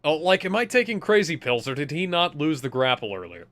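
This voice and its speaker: A sarcastic man riffing on a film with friends, his voice a little high and swinging widely up and down. He swears freely and sounds exasperated with what he is watching. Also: very animated, fairly quick, fairly bright tone. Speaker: movie commentary co-host. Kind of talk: casual riffing movie commentary.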